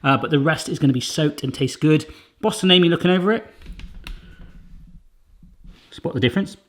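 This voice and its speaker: A man's voice: on the high side, normal speed. A man hosting a casual cooking demonstration in a home kitchen, chatty and jokey, with rambling asides. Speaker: cooking channel host.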